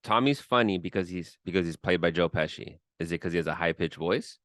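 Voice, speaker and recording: A man's voice: low-pitched, fairly quick, fairly bright tone. A man hosting a podcast in casual chat, teasing and quizzing his co-host with amused questions.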